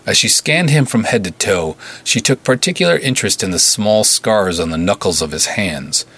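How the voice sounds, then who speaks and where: A man narrating a pulp-style serial story in a measured, vivid storytelling manner. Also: on the low side, expressive, fairly bright tone, breathy edge. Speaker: writer and narrator.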